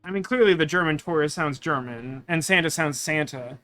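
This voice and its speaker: A man's voice: a little high, moderate pace, bright, forceful tone, soft background music. A man streaming a game, chatting with viewers in a rambling, self-deprecating way. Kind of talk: casual game commentary.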